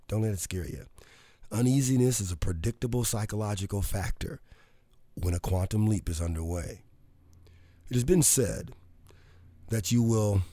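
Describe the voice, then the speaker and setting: A radio host with a fairly low, warm, slightly rough voice runs a motivational show from a studio. He talks in a folksy, upbeat way and jokes with listeners, with no echo on the sound.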